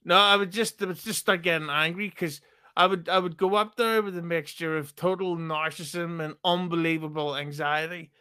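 A man, a podcast guest trading deadpan, absurd jokes in casual chat. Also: fairly high pitch, normal speed, smooth. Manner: joking, absurd deadpan quips.

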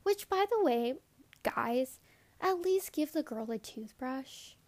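A woman's voice: sits high, lively intonation, takes it slowly, a little mellow. A young adult woman telling a candid, profane story in a casual monologue. She rambles, says "like" often and acts out her own thoughts in quotes.

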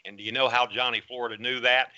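A man hosting a casual podcast, introducing guests in rambling, halting sentences. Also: mid-range voice, flat delivery, pushed and bright, lo-fi sound. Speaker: podcast host.

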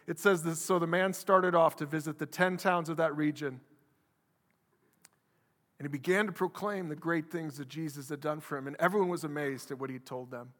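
A man preaches in a lively, animated way, slipping into quoted voices as he goes. His voice sits a little high and sounds sharp and bright. A long reverb from a large church hall trails after every word. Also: moderate pace. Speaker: pastor. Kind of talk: sermon.

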